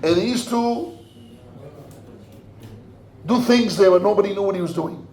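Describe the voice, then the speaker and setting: An older man, a rabbi telling a story in a sermon. He acts out the voices, swinging from hushed murmurs to loud cries. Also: high-pitched, moderate pace. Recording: echoey room.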